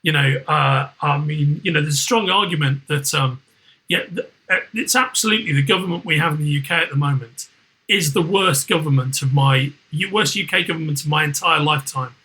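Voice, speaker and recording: A middle-aged man with a Liverpool accent talks in a loose, rambling way, circling back and restarting his sentences. His voice sits fairly high and sounds bright and tense. He swears freely in casual podcast chat. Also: a little fast, rough recording. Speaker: podcast host.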